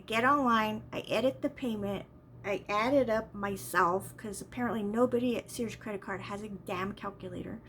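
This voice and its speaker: A woman's voice: mid-range voice, moderate pace, sharp tone, slight background noise. A woman vlogger telling a rambling, exasperated story in a casual way, often repeating herself.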